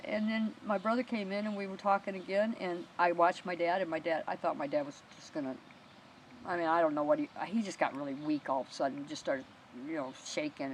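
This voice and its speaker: A middle-aged woman telling her own story in an emotional, halting way, with restarts and soft laughs. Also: on the low side, slight background noise. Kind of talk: personal storytelling.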